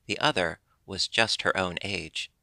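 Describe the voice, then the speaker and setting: Gravelly man reading a storybook. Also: deep voice, measured pace, bright, forceful tone, no room sound. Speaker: audiobook narrator.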